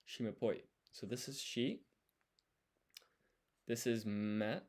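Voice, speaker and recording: A man with a fairly low voice talks through his studying on a casual livestream. He thinks aloud as he writes and explains each step as he goes. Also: fairly even intonation, slow, a little mellow. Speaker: language learner.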